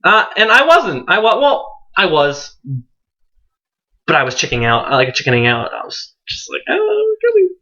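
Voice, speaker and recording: A teenage boy vlogger telling his coming-out story to the camera, animated and earnest, jumping his pitch up high for quoted voices. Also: moderate pace, dull audio. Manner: earnest and tender when encouraging viewers.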